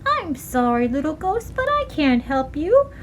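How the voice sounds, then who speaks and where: A kindly storybook pigeon with a soft, sing-song coo, as a woman puts her on. The voice sits high and swoops lively from note to note, over a faint hum of noise. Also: unhurried, rough recording. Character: gentle cooing pigeon, kindly and sleepy.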